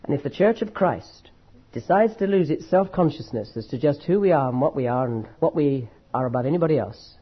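A man preaching a sermon with an emphatic, dramatic delivery, slowing down to stress key words. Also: on the high side, breathy edge. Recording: dull lo-fi recording.

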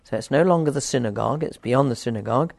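Gravelly older man teaching scripture. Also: medium pitch, quick pace, darkish tone, no room sound. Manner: discursive, wry asides, reads scripture aloud with force. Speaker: Bible teacher. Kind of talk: informal Bible exposition.

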